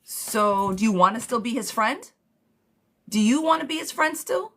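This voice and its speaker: A woman's voice: a little high, expressive, moderate pace, a bit bright. A woman giving a live tarot reading, talking bluntly to viewers, swearing freely and calling them sweet pet names. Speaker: tarot reader.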